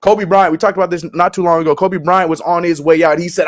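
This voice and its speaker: A man hosting a casual sports talk segment, animated and joking as he talks. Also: sits high, fast, hardly any pauses. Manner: animated, laughing, joking asides. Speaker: sports show co-host.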